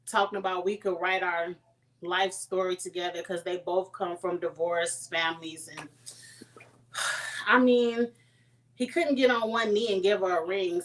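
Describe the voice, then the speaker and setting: A woman's voice: on the low side, rough recording. Chatty woman recapping reality TV. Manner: chatty, playful, acts out quotes in sassy voices. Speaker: show reviewer.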